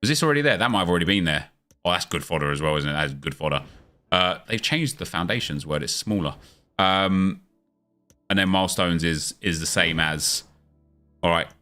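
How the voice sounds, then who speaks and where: A man who streams games speaks in a lowish, bright, forceful voice as he chats casually with his audience over faint music. He goes through updates in a loose, quick back-and-forth way, then brings hype energy to an upbeat video intro.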